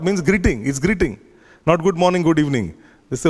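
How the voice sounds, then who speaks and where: A man's voice: a little high, sing-song, a little fast. A man giving a scripture class, retelling stories with frequent fillers and restarts. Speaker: class speaker at a temple. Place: temple hall. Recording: long hall reverb.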